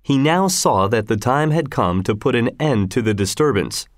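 A male narrator reads a story aloud with lively, expressive delivery. His pitch moves a lot, and the mid-range voice is recorded dry and close. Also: normal speed, dry recording. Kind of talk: audiobook storytelling.

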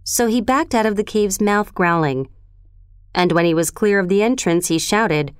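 A woman narrating a storybook in a steady, expressive reading voice. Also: mid-range voice, normal speed, smooth, no echo, clean studio sound.

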